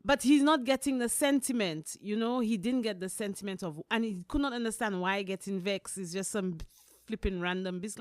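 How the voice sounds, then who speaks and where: A woman, co-hosting a podcast and telling a story with lively acted-out dialogue and some swearing. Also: medium pitch, moderate pace, no echo. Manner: expressive, swears, acts out dialogue. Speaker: podcast co-host. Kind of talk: animated storytelling rant.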